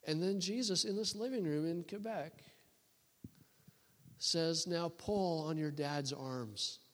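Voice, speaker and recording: A man preaching and telling a story to a church, with many restarts and a lively storytelling delivery. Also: fairly high pitch, slow pace. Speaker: guest preacher. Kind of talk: sermon storytelling. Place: church hall. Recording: long reverb of a church hall.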